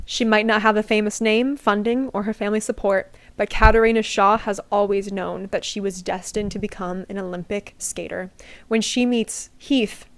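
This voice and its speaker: A young woman in a casual book vlog, chatty and gushing, often laughing as she talks about favorite reads. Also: mid-range voice. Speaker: book vlogger.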